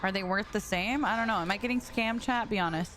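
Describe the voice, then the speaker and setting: A woman's voice: mid-range voice, quick pace, a bit bright. A young woman streaming a game, chatting casually and reading messages from her chat with frequent giggles.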